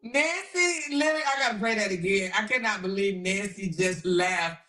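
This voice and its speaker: A woman's voice: medium pitch, normal speed, sharp tone. A woman hosting reaction commentary, sassy and amused. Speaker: commentary host. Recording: echoey room.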